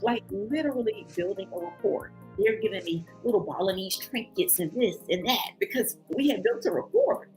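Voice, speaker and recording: A woman's voice: fairly high pitch, brisk, soft background music. A woman telling a travel story in a casual vlog, acting out other people's voices. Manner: animated, acts out other people's voices in quotes. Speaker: travel vlogger.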